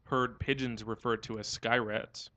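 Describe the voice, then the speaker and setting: A young man co-hosting a loose, casual podcast. He tells his story in an animated way and acts out the quoted dialogue as he goes. His pitch sits in the middle range for a man. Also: a little slow. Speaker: podcast co-host.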